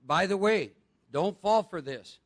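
A man's voice: sits high, animated, unhurried. A man speaking at a live recovery workshop, chatty and quizzing his audience with rhetorical questions.

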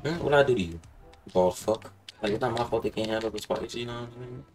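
A young man hosting casual gameplay commentary, excitable and profane, rambling and saying "bro" constantly. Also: medium pitch, quick pace, music in the background. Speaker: gaming channel host.

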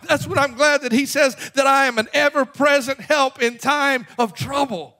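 A middle-aged man preaching from the pulpit in a very high voice. His tone is bright and forceful, and his emphatic delivery drops to a hush and then climbs to a shout. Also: moderate pace, hardly any pauses. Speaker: pastor. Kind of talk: sermon.

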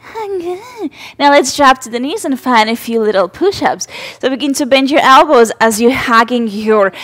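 A woman leading a mother-and-baby yoga class, giving gentle, encouraging cues and cooing to her baby between poses. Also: on the high side, expressive, normal speed. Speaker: yoga instructor. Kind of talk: guided yoga class instruction.

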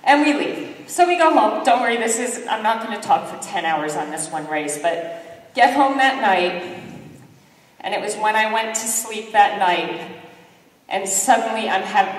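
A middle-aged woman tells a story to an audience with animated, self-mocking energy, acting out the voices of others. Her voice sits at a medium pitch and is picked up from a distance. It rings through a large, reverberant hall. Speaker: keynote speaker. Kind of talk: lively storytelling speech. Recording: echoey hall from far off.

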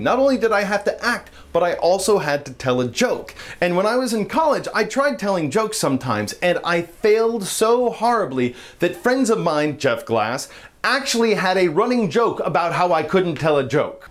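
A man hosting his vlog, telling a personal story and a joke in an animated, expressive way. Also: high voice. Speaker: vlog host.

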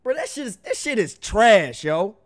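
High, animated young man ranting. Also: normal speed. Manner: profane, exasperated ranting with slang. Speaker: music reaction host. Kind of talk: casual reaction commentary. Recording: faint music behind the voice.

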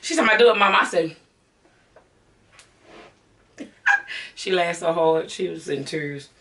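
A woman's voice: lowish voice, animated, a little slow, a bit bright, far from the mic, slight background noise. A middle-aged woman with a Southern American accent, chatting casually to her viewers in a home beauty haul vlog. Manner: chatty, talks straight to viewers as y'all. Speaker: beauty vlogger.

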